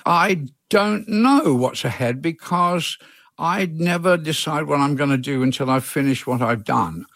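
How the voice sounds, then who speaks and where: A man in his eighties, an author being interviewed, talking in a relaxed, meandering way with chuckles and frequent restarts. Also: fairly high pitch, measured pace, no echo. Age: 80s. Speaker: author guest.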